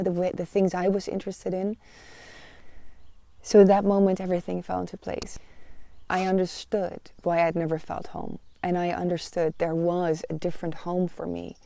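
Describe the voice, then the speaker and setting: A woman's voice: fairly low pitch, warm tone, no room sound. A woman hosting a personal podcast, talking in an earnest, confessional way with frequent "you know" fillers. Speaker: podcast host.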